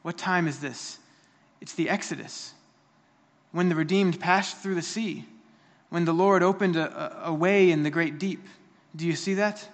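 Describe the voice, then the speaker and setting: A man's voice: on the high side, unhurried, long reverb tail. A man preaching a sermon, earnest and emphatic, often restarting his phrases.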